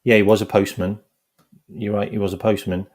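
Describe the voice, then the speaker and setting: A man hosts a football fan channel's live stream, chatting casually and rambling, using "like" a lot and laughing as he tells stories. His voice is on the low side and a little mellow, with little pitch movement and a slightly fast pace.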